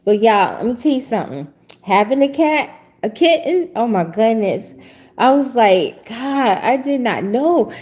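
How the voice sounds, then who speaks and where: A middle-aged host, chatting casually in a somewhat high voice. She talks in a lively, rambling way and laughs often. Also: a little slow. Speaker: prophetic show host. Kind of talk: casual livestream chat.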